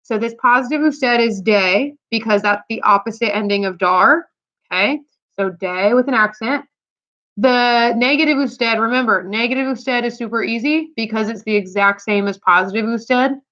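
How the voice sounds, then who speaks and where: A woman's voice: on the high side, moderate pace, a bit bright. A woman teacher talking students through a quiz in an upbeat, chatty lesson, speaking directly to them. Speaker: Spanish teacher. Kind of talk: recorded lesson walkthrough. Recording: dull lo-fi sound.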